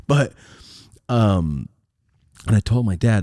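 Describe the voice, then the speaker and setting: A young man on a podcast, telling a personal story in a casual, animated and profane way, laughing often. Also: low voice, fast, dry recording, clean studio sound. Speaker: podcast host. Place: podcast studio.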